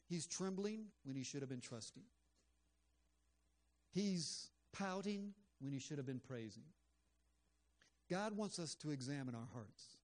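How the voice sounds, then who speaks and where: A man's voice: a little high, darkish tone. A man preaching a sermon in an earnest, conversational way, with frequent fillers. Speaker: pastor.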